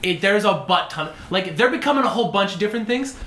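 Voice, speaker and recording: Bright-voiced game master, echoey room. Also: mid-range voice, animated, quick pace. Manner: loose, giggly, lots of fillers. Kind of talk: narrating a tabletop game with friends. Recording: echoey room, faint noise.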